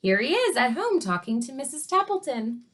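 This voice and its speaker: A woman teacher reading a storybook to children, pausing to ask questions and explain words. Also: high voice, big pitch swings, a bit bright. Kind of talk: read-aloud story lesson for children.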